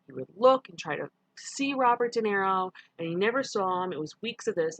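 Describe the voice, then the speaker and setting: A woman's voice: medium pitch, fairly bright tone, no echo. A middle-aged woman, giving a casual lecture and often correcting herself with ums. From New York. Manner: conversational, with frequent ums and self-corrections. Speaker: teacher. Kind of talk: recorded online lecture.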